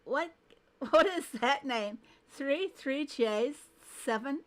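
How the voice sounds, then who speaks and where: A woman with a high, animated, slightly bright voice hosts a laid-back game livestream, speaking slowly. She welcomes viewers individually by name and thinks aloud while fiddling with her screen settings.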